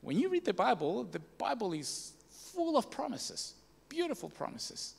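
A man's voice: extremely high pitch, huge pitch swings, normal speed, vocal fry, husky. A man giving a sermon, telling a story with many fillers and restarts and rising emphatic peaks, in a church hall. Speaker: preacher.

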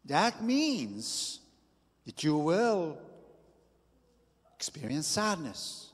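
Man, preaching, slow pace, husky tone, long hall reverb. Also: fairly high pitch, very animated. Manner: slow and deliberate, with emphatic bursts. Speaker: pastor. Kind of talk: sermon.

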